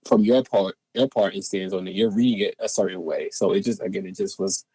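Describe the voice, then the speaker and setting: A man's voice: mellow, slightly rough, no room sound, low-quality recording. A young adult man, a podcast guest, talking casually with his friend, laid-back with many fillers. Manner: laid-back, many fillers, quick jumps up in pitch for quotes. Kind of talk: casual conversation.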